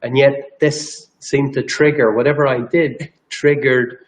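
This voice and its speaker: A man's voice: medium pitch, level tone, a little slow, rough recording. Earnest man telling a story. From Northern Ireland. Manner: earnest, rambling, with restarts. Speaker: guest, energy healer. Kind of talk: personal storytelling in interview.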